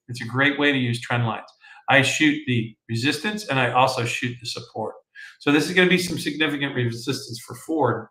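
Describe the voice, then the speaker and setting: A man hosting a market show, talking through charts in a casual, animated way and calling his viewers folks. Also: on the high side, gravelly, reverberant, low-quality recording. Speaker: market analyst host.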